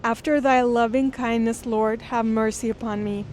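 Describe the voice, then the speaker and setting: A woman with a slightly high voice reads a classic text aloud, stopping often to unpack it. Her delivery is earnest and thoughtful, with a faint hum of noise underneath. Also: fairly even intonation, a little mellow. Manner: earnest, thoughtful, pausing to explain. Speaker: literature lecturer. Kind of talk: reading aloud with close-reading commentary.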